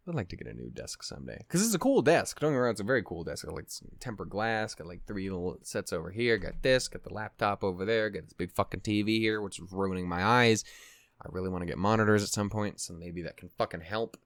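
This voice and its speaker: A man's voice: deep voice, expressive, brisk, no echo. A young man casually rambling and swearing while reacting to an anime at his desk at home. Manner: rambling, profane, laughs often.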